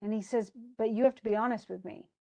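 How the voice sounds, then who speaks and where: A woman's voice: on the high side, steady tone, fast talker, dark tone. Woman casually retelling a play. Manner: paraphrases lines in everyday speech, many fillers. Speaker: teacher.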